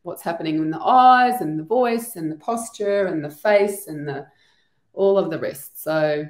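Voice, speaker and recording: Chatty woman, low voice. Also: measured pace. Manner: chatty, thinks aloud with many "you know" asides. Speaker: EFT trainer and trauma practitioner guest. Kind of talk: casual explanatory interview talk. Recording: echoey room.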